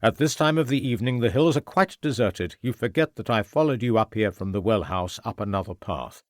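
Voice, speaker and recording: A man doing a low, sneering gentleman villain. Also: a little fast, no echo, clean studio sound, lightly acted. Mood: gloating. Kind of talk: audiobook character voice.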